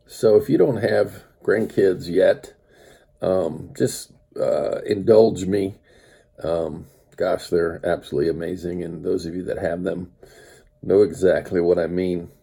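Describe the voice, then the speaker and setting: Slow gravelly older man. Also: low voice, steady tone. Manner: unhurried, many fillers, warm storytelling. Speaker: speaker reading a story to his grandchild. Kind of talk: story reading then reflective talk.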